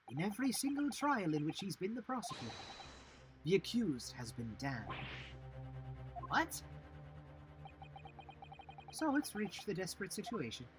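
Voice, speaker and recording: A man's voice: fairly high pitch, background noise. A man putting on a brash lilting accused man. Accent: put-on Irish-Scottish lilt. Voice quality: loud, brash, bossy. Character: brash Irish-sounding man on trial, pushy. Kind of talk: reading game dialogue aloud. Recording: game music behind.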